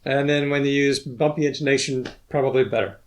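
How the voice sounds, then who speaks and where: A man's voice: mid-range voice, fairly even intonation, brisk. A man hosting a casual chat, curious and eager, asking questions and guessing answers. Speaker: podcast host.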